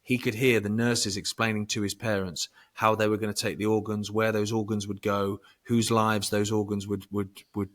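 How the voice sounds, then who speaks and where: A low-voiced man talking casually as a podcast guest. He swears freely and pushes some words out loud and high for emphasis. His voice sits lower than most men's. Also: flat delivery, normal speed, few pauses. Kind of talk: casual conversation.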